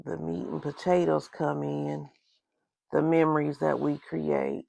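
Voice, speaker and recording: A deep-voiced woman from the Southern United States, with vocal fry, decorates her journal in a plan-with-me vlog. She chats slowly and casually, rambling and saying "again" over and over.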